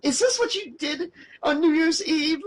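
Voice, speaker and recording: A scared teenage girl, put on by a man reading a horror audiobook, her voice pushed well up in pitch. She pleads and protests in breathless valley-girl talk, dropping "like" into every plea, with panic rising under each line. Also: sing-song, takes it slowly, breathy edge, heavily acted. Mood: panicked. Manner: pleading, panicky, says "like" a lot.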